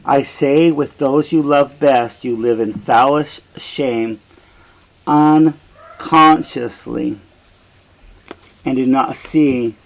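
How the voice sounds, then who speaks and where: A man reading the lines of a calm, blind, older male prophet, measured and steady. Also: mid-range voice, low-quality recording.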